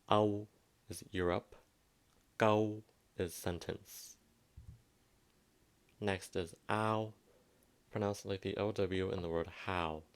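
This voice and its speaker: A man with a Southwestern Vietnamese accent giving a pronunciation lesson, repeating each word slowly and carefully. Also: low-pitched, gravelly. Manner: slow, careful teaching, repeats words for emphasis. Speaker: language teacher.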